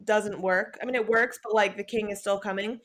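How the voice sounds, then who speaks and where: A young adult woman co-hosting a podcast, recapping a book in casual chat, animated and sweary, acting out the characters' lines. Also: mid-range voice, a little fast. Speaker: podcast co-host.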